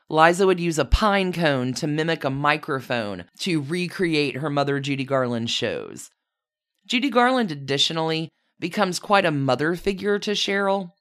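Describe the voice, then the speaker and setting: Podcast host, casual true-crime storytelling, lively swooping pitch, wry asides, mid-range voice. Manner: chatty, with wry personal asides.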